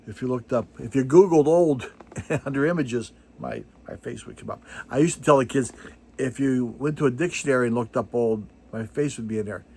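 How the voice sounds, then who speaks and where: A man's voice: mid-range voice, brisk, darkish tone, husky. An older man hosting a vinyl record channel, chatting casually to camera in a rambling, self-deprecating way, full of digressions and fillers.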